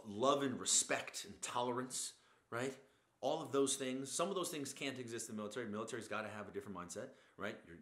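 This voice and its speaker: A man's voice: mid-range voice, fairly bright tone, roomy sound. A man hosting a profane motivational rant, blunt and mocking, swearing constantly as he lectures. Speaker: host.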